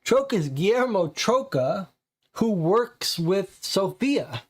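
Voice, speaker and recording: A man's voice: high-pitched, very animated, slow. A man playing a detective board game, reading cards and reasoning through clues aloud.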